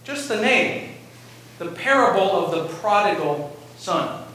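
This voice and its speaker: High-voiced preacher in an echoey hall. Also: male voice, animated, takes it slowly, pushed and bright, recorded from a distance, a little hiss or hum. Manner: storytelling, dramatic asides. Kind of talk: sermon.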